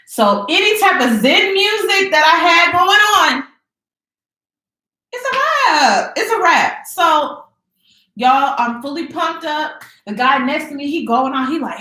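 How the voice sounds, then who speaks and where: Animated young woman, roomy echo. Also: sits high, normal speed. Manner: animated, dramatic retelling with slangy asides. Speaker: vlogger. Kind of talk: casual storytime. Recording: echoey room.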